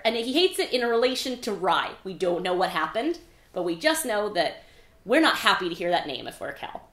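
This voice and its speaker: A woman's voice: mid-range voice, sing-song, fairly quick, fairly bright tone. A woman hosting a podcast, recapping a book in a chatty, casual way with frequent "like" and some swearing. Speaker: podcast host. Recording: echoey room.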